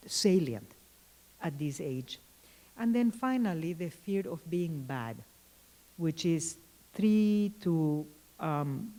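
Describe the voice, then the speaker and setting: A woman giving a conference keynote lecture, telling anecdotes in a thoughtful way with frequent pauses and restarts. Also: fairly low pitch, warm tone, rough recording. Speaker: keynote speaker.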